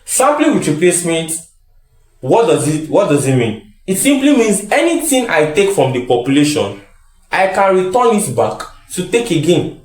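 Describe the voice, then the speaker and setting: A man's voice: high voice, big pitch swings, moderate pace, darkish tone. A man teaching statistics in a lecture style, repeating key phrases and answering his own questions. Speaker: statistics tutor. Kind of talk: classroom lecture. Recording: echoey room.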